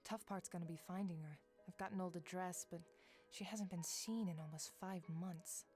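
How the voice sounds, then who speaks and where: An actress voicing a determined female FBI agent in a video game, speaking in a measured, matter-of-fact way. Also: on the low side, darkish tone, faint music behind, lightly acted. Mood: steady. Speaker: game protagonist. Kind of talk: voiced game dialogue and narration.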